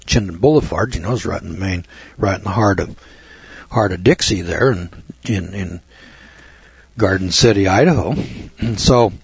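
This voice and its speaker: Man, husky voice, folksy storytelling, conversational, dry dull lo-fi recording. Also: low-pitched, moderate pace, long pauses, dry recording. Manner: conversational, repeats phrases for emphasis. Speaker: storyteller addressing an audience. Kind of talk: folksy anecdotal monologue.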